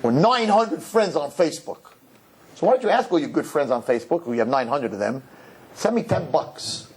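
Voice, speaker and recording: A middle-aged rabbi delivers a lively sermon in a synagogue. His slightly high voice has a husky edge, and he jokes with the crowd and acts out quotes in high voices. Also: fairly quick. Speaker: rabbi giving a talk. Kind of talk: animated sermon. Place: synagogue hall.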